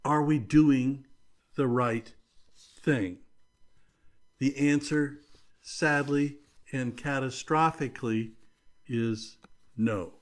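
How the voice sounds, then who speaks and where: A man hosting his leadership podcast, speaking in a deliberate, emphatic way with measured pauses. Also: medium pitch. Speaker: podcast host. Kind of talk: scripted leadership commentary.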